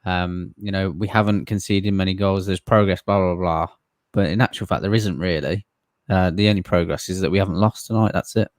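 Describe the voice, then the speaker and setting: A man's voice: sits low, fairly even intonation, fairly quick, no echo, studio quality. A man co-hosting a live football fan stream, blunt and critical, laughing easily. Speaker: fan channel co-host.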